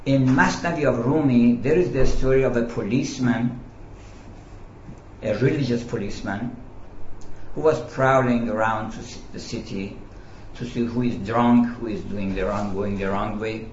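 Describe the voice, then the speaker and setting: A man giving a storytelling lecture about Sufi teaching, slow and deliberate with hesitations, in an echoey, lo-fi recording. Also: medium pitch, slight background noise. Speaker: speaker on Sufism. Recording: echoey, dull lo-fi room recording.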